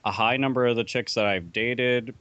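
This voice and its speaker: A man's voice: mid-range voice, fairly even intonation, normal speed, a bit bright, no room sound, lo-fi sound. A man chatting casually on a podcast, rambling and profane, with lots of fillers and restarts. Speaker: podcast panelist. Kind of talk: casual chat.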